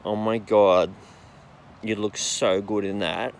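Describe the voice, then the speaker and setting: An Australian man mimicking a gushing young female shop assistant in his own rough voice. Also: lowish voice, little pitch movement, slow, slight background noise. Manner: gushing, exaggerated.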